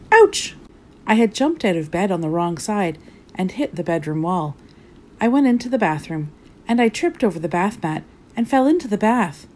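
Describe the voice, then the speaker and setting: A woman reading a storybook as a clumsy, cheerful male character, telling his own tale of mishaps in a lively, rueful way. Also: mid-range voice.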